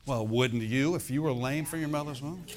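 With a darkish tone at a moderate pace, a middle-aged pastor gives a relaxed, conversational sermon. He regularly checks in with listeners, slipping "okay?" and "amen?" between his points, and his pitch is typical middle range for a man.

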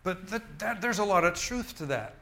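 A man's voice: high voice, expressive, normal speed, bright, forceful tone. A male minister preaching a sermon in an emphatic, repetitive style, often restarting his phrases.

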